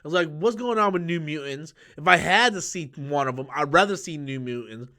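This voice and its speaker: A man hosting a live-stream chat from a small room under studio lights, excitable and profane, humming movie sound effects as he talks. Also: a little high, moderate pace. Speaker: YouTube host.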